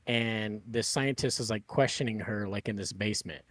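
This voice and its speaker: A man's voice: fairly low pitch, normal speed, a bit bright, no echo. A man hosting a podcast, chatting casually in a rambling way with lots of fillers and swearing. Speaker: podcast host.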